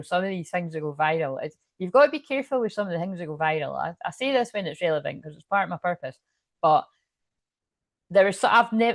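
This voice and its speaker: A woman's voice: fairly low pitch, dry recording, studio quality. A woman, talking casually about spirituality in a rambling, frank way, swearing freely and full of fillers and restarts. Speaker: spiritual channel and tarot reader. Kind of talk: casual spiritual livestream talk.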